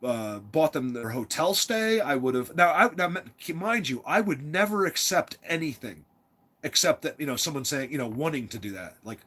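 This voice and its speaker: A man's voice: on the high side, expressive, moderate pace, a bit bright. A father telling a personal story in a rambling, casual monologue, emphatic, often repeating words and restarting.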